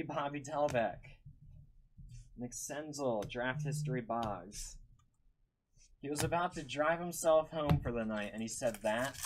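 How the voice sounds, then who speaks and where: A man's voice: mid-range voice, noisy background. A man hosting a live-streamed card break, calling out each card and chatting with viewers by name.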